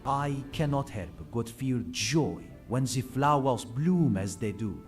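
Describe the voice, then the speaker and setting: A calm, devout male priest of nature, as a man voices him with a French accent, speaking unhurriedly and warmly welcoming all. His game dialogue unfolds at a slow, gentle pace. Faint music plays under him. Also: medium pitch. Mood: serene. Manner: serene, welcoming, softly devout.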